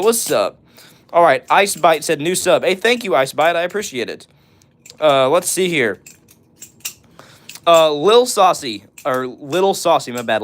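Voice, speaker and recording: A man hosting a live stream, reading out chat messages in a casual, excitable way and laughing often. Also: on the high side.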